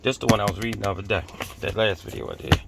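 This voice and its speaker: A man's voice: on the low side, fairly even intonation, very fast, creaky, very noisy. A man vlogging from his car, preaching bluntly and cursing as he talks to his viewers. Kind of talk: casual religious rant to viewers.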